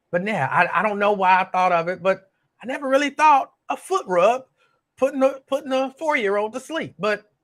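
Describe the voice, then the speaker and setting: An older man hosts a casual solo show and rambles into a family story. He speaks in a somewhat high voice, and his pitch swings widely as he talks. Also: fairly bright tone. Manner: rambling, storytelling, laughs easily, Southern US Black vernacular. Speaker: host.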